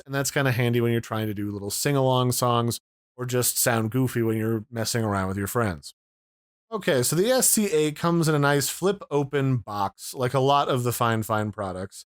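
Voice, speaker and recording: Tech reviewer, male, relaxed explainer, dry and close, mid-range voice. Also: mid-range voice, dry recording. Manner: casual, explanatory, conversational. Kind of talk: product review and unboxing.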